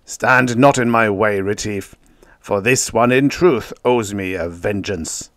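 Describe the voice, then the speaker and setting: A man doing a rumbling, ponderous alien giant. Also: slow pace, a bit bright, no room sound, studio quality. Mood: brooding. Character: huge slow armored alien, vengeful.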